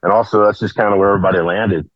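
Low-voiced rambling man, dry lo-fi sound. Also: steady tone, racing, no room sound. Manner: rambling, full of "you know" fillers and restarts. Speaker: podcast guest telling stories. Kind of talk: casual storytelling.

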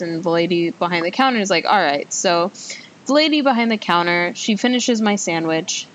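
A woman's voice: lively intonation, normal speed, a bit bright. A young woman hosting a podcast, telling a story in a rambling, chatty way with many fillers and self-mocking asides. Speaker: podcast host. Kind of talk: casual storytelling monologue. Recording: faint background noise with low rumble.

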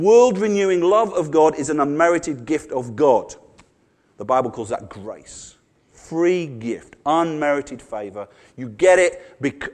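High-voiced preacher with jokes. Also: male voice. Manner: humorous, chatty asides. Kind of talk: sermon.

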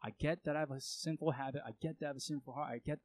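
A man's voice: on the high side, steady tone, rapid-fire, no room sound, low-quality recording. A man preaching a sermon, speaking earnestly and acting out prayers and indignant reactions to make his point. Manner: earnest, acts out prayers and reactions with rising intensity. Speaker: pastor.

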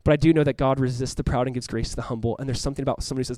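A male pastor preaching a sermon and closing in prayer, swinging between loud urgent calls and hushed quiet passages. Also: mid-range voice, steady tone, rapid-fire, hardly any pauses, dry recording. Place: church room with congregation.

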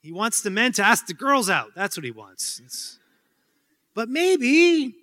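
A man's voice: high voice, sing-song, moderate pace, pushed and bright. A man giving a casual Q&A talk to students, rambling with many fillers and joking asides. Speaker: speaker answering student questions. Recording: hall with long reverb.

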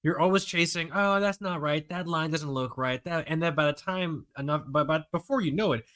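A man co-hosting a podcast in casual chat, animated and joking, swearing freely and laughing easily. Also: a little high, brisk. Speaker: podcast co-host.

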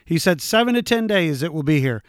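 A man co-hosting a casual podcast, telling a story in an animated way with laughs and acted-out quotes. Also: fairly high pitch, a little fast, clear, resonant tone, dry recording, studio quality. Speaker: podcast co-host.

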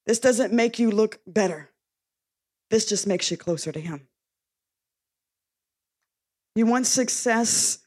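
A woman's voice: fairly high pitch, slow, pauses often, darkish tone. A woman preaching a sermon in a punchy, conversational way, reading scripture aloud between short asides.

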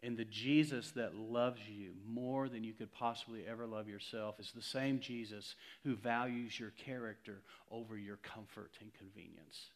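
A man's voice: fairly low pitch, fairly even intonation, moderate pace, few pauses. Emphatic man preaching a sermon. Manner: conversational, emphatic preaching, swings from loud to hushed. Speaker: pastor.

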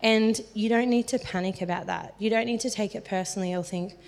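A woman's voice: medium pitch, steady tone, a little fast, a little mellow. Chatty woman preaching in a reverberant hall. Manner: earnest, chatty, frequent "like" fillers. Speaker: speaker teaching on evangelism. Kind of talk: casual sermon talk.

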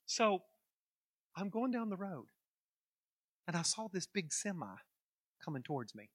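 A man preaching as a pastor, telling a lively anecdote with chuckles and asides to his congregation. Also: sits high, a little slow, no echo. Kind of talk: storytelling sermon.

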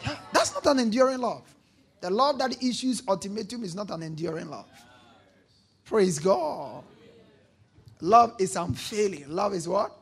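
Gravelly, husky-voiced male pastor preaching. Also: high-pitched, lively intonation, measured pace, long pauses. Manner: emphatic preaching, repeating lines and prompting call-and-response; bursts into shouting on key points. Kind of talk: sermon.

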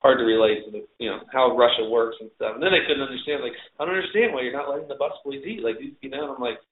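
A middle-aged man, a chef, casually telling a story from his kitchen, animated and laughing as he acts out his own shouting. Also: mid-range voice, fast. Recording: tinny phone-like line in an echoey room.

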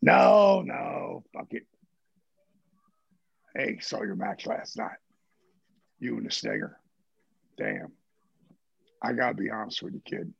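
Man doing a gruff low-voiced old wrestler. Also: wildly swooping pitch, slow pace, pauses often, dry recording, lo-fi sound, full character voice. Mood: grudging praise. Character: gruff veteran male wrestler on a phone message.

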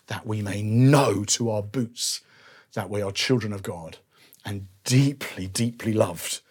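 40s guy preaching, husky and breathy, chatty and personal, laughs at himself a bit. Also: lowish voice. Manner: warm, personal storytelling with self-deprecating asides. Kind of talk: conversational sermon.

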